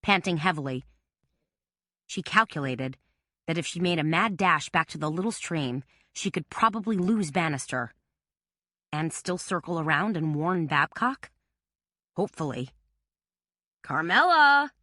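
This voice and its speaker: Bright, dry-voiced woman narrator. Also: low-pitched, moderate pace, dry recording. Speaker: audiobook narrator. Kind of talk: scripted narration.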